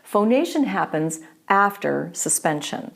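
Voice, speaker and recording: A woman teaching a voice lesson, explaining clearly and patiently. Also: mid-range voice, sing-song, measured pace, fairly bright tone. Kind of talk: instructional voice lesson.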